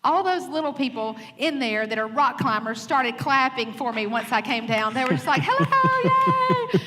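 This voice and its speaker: A woman pastor telling a funny story in a sermon, animated, laughing often and acting out quoted lines. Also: on the high side, normal speed, over loud music. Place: church stage. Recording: reverberant hall with faint noise.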